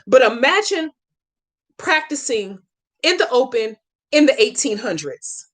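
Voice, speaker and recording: A woman's voice: sits high, big pitch swings, measured pace. Brash, profane woman hosting a livestream. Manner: brash, profane and chatty, addressing viewers as baby; slangy, emphatic instructions. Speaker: hoodoo practitioner hosting a live Q&A. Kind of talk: casual livestream Q&A and spell tutorial.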